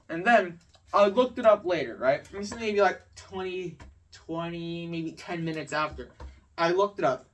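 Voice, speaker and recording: A man's voice: fairly high pitch, moderate pace, a bit bright, far from the mic. A teenage boy telling a rambling, exasperated story about school in a casual rant. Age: teens. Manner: exasperated, rambling, filler-heavy. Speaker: student vlogger. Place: home at night.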